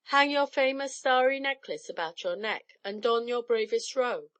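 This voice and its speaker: A sly male trickster god, as a woman reader puts him on, smooth and mocking under a polite surface. The voice sits a little high. He speaks from a storybook reading. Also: animated, moderate pace, a bit bright.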